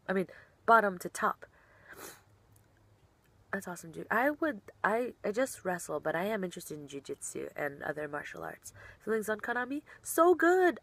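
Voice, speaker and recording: A young woman with a voice pitched a little low chats casually as she answers questions from fans. She is bubbly and giggly, and her sentences often trail off or restart. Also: creaky, fairly bright tone, dry recording. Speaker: professional wrestler.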